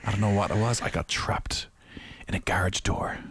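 A man's voice: lowish voice, fairly even intonation, normal speed, in a whisper. A man co-hosting a casual show, upbeat and teasing. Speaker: co-host. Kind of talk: casual chat.

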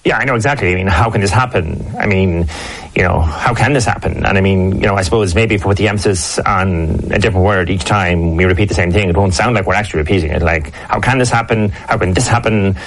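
A man plays a radio rugby pundit in a comedy sketch. His voice is very low and he talks fast. He waffles and repeats himself in a deadpan way.

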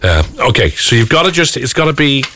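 A man's voice: mid-range voice, sing-song, fairly quick, bright, forceful tone, slight background noise. A middle-aged Irish man hosting casual morning radio chat, rambling and playful as he tells a story. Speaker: radio host.

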